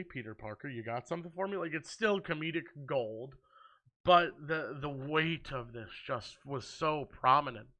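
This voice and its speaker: A man's voice: fairly high pitch, pushed and bright. A man in his twenties chatting casually and earnestly as a movie review vlogger, with frequent ums. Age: 20s. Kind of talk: casual ranking chat.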